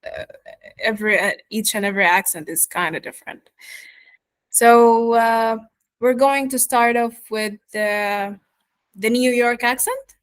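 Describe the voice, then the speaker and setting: A woman's voice: on the high side, a little slow, clear, resonant tone, no echo. A woman coaching accents in an online course lecture, explaining step by step and speaking straight to her students. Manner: explanatory, addresses students directly.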